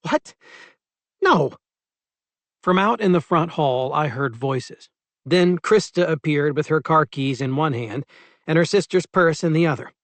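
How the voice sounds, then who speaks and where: Guy narrating an audiobook short story, first person, steady, bit high voice, dry close mic. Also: moderate pace, no room sound.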